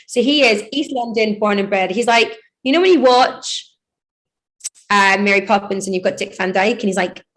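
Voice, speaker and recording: A woman's voice: medium pitch, moderate pace, fairly bright tone. A woman DJ and producer in her thirties, chatting loosely in an interview, rambling and laughing often. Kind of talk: casual interview chat.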